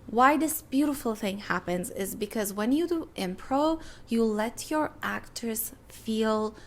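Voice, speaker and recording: Giving relaxed filmmaking tips on her podcast, this young woman stays talkative and lively, playing out small back-and-forth scenes. Her voice is medium in pitch, with vocal fry.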